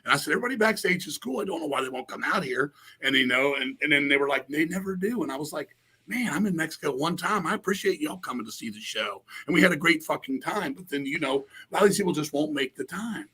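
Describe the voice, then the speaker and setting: A middle-aged man with a husky voice, talking at a quick, tumbling pace. He tells stories as a loud, profane guest and acts out every quote, and his tone comes out bright and forceful. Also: fairly high pitch, lively intonation, low-quality recording. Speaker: podcast guest, metal musician. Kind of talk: casual chat, storytelling.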